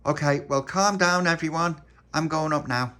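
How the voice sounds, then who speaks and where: A man's voice: fairly high pitch, moderate pace, sharp tone, voice pushed up. A man voicing a brave, bossy young boy who leads the others earnestly.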